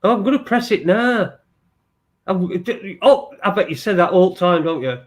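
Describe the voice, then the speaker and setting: A man hosting a loose late-night chat show, his voice sitting a touch high. He banters, laughs easily and swears without a second thought. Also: animated, moderate pace. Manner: banter-heavy, swears freely, laughs often. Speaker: podcast host. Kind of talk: casual chat.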